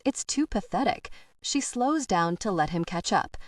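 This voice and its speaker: A woman reading an audiobook in a measured, expressive storytelling manner. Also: mid-range voice, no room sound. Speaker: audiobook narrator. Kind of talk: scripted narration. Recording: dry, slightly distant mic.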